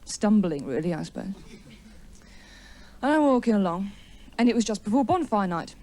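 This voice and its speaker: A woman's voice: mid-range voice, very animated, normal speed, warm tone. A woman doing a wry, chatty stand-up comedy routine in a TV studio, with an audience laughing.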